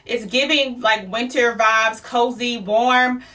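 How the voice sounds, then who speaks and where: A woman's voice: a little high, fairly even intonation, slow pace, pushed and bright, recorded from a distance. A woman from Louisiana chatting through a clothing try-on haul, out of breath and talking straight to her viewers. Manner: chatty, addresses viewers as y'all. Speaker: fashion vlogger. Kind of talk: casual try-on haul chat.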